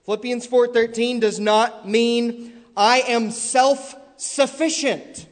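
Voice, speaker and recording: A male preacher delivering a sermon with heavy, repeated emphasis that builds to loud stressed peaks, in a large church hall. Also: very high-pitched, fairly even intonation, slow pace. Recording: long echoey hall reverb.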